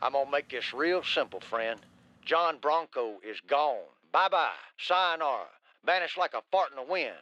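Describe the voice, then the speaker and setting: Washed-up cowboy spokesman, drawling and folksy, slightly high. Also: lively intonation, moderate pace, bright, forceful tone, no room sound, highs cut off. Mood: gruff. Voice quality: drawling, folksy, keeps saying "man". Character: folksy laid-back former cowboy pitchman, middle-aged man. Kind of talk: comedic ad acting.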